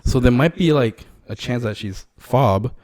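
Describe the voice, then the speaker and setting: A man's voice: medium pitch, lively intonation, unhurried, darkish tone, no echo. A young man co-hosting a podcast, telling stories in a loose, rambling way with lots of fillers. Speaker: podcast co-host. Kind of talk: casual chat.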